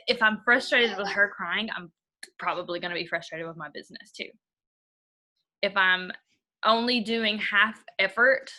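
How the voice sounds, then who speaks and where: Bright-voiced blunt woman. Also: mid-range voice. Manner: rambling, blunt, uses y'all. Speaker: team leader giving a training. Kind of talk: motivational live training talk.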